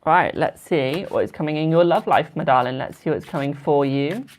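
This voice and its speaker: A man's voice: fairly high pitch, normal speed, noisy background. A British man doing tarot readings on a live stream, chatting with viewers and calling them "my darling". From United Kingdom. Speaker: tarot card reader.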